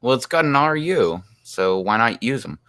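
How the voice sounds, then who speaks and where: A man's voice: medium pitch, big pitch swings, moderate pace, fairly bright tone. A man from Pittsburgh with a Pittsburgh accent, hosting a live stream in casual, chatty talk and laughing often. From Pittsburgh, US East Coast. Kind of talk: casual chat.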